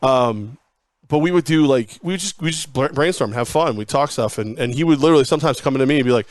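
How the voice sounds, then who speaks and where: A man's voice: mid-range voice, fast, no room sound. A man in his forties, a former sports radio host, telling rambling anecdotes and acting out quoted dialogue in a casual interview.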